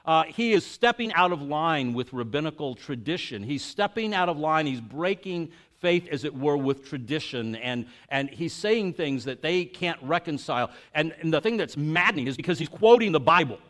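Animated conversational male preacher. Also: a little high, moderate pace, few pauses. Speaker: pastor. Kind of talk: sermon.

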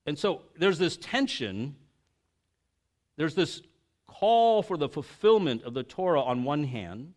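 A man preaching a sermon, reading scripture, then explaining it in a conversational, animated way with restarts and asides. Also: on the high side, takes it slowly. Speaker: pastor.

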